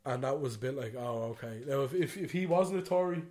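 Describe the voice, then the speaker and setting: A man's voice: medium pitch, animated, fairly quick, a little mellow. Chatty Irishman telling a story. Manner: rambling, swears freely, "you know what I mean". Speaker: podcast co-host. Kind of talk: casual chat.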